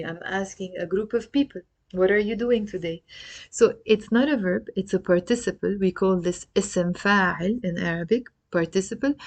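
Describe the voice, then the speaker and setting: A woman's voice: on the low side, darkish tone. A woman from Lebanon with a Lebanese accent, a language teacher explaining phrases in a chatty way with asides. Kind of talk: casual explanatory lesson.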